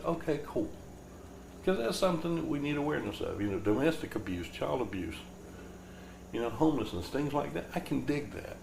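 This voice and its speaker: A man's voice: mid-range voice, creaky. A man hosting a podcast, rambling through a laid-back, jokey monologue. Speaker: podcast host. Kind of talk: casual comedic monologue. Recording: roomy echo with faint background noise.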